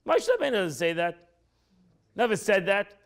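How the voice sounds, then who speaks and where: High-pitched, animated rabbi teaching a class. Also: male voice, normal speed. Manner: acts out quoted speech with pitch jumps, repeats phrases.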